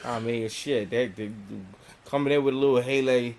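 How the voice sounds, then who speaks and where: A man's voice: medium pitch, fairly even intonation, normal speed, crowd noise. A man co-hosting a casual podcast, laid-back and profane as he retells scenes in detail. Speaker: podcast co-host. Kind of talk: casual chat reviewing a cartoon.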